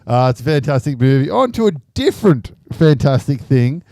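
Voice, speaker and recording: A man's voice: medium pitch, very animated, brisk, a little mellow, no echo, studio quality. A man co-hosting a podcast, making brief, matter-of-fact remarks. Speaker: podcast co-host. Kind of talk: casual chat.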